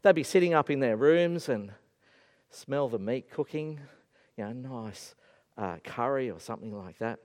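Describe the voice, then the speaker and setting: A male preacher giving an animated, storytelling sermon in a church. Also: medium pitch, normal speed. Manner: animated storytelling with acted-out voices. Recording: echoey hall.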